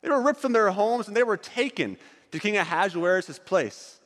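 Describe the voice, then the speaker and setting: A man's voice: high voice, expressive, moderate pace, fairly bright tone, in a large hall. A man leading a group through an acted-out Bible story, directing volunteers on stage as he narrates.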